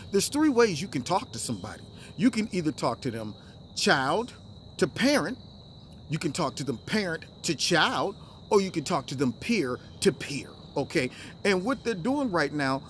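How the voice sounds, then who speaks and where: A man hosting a solo political commentary show, talking in an animated way and acting out other people with high, exaggerated voices. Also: slight background noise.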